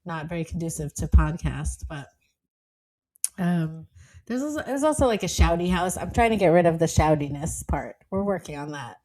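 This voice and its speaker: Woman, 30s, podcast co-host; very animated pitch, emphatic, laughs a lot. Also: moderate pace. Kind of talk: casual chat.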